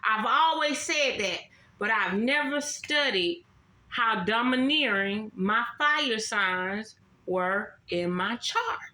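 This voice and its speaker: An astrology vlogger rants casually, blunt and emphatic, swearing constantly and repeating herself. Her voice is a little high, expressive, slow, pushed and bright, and the recording has a roomy echo.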